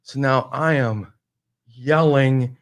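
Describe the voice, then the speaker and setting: A man telling a casual, animated comic story on a talk show, full of exasperation. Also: medium pitch, slow pace.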